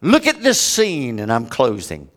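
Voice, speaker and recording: A man preaching a sermon, with big dramatic swings from loud high peaks to hushed low stretches. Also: huge pitch swings, measured pace.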